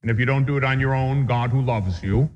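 Priest lecturing in a dull, reverberant hall. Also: male voice, medium pitch, background noise. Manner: measured, deliberate teaching with homely examples. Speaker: Catholic priest teaching a catechism class. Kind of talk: catechism lecture. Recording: dull lo-fi recording with long reverb.

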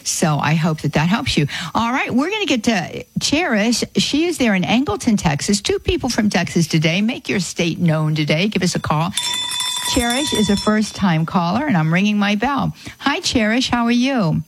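A woman hosting a call-in radio advice show, speaking haltingly with many fillers and restarts. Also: medium pitch, big pitch swings, a little hiss or hum, rough recording.

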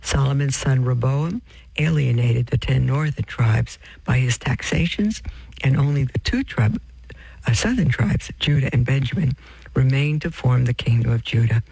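Male preacher, gravelly and a little husky, reads a religious text aloud and drifts into asides, close dry sound. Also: mid-range voice, normal speed, darkish tone, no room sound, low-quality recording. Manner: addresses listeners as beloved, reads with off-script asides and self-corrections. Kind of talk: sermon reading from a text with asides.

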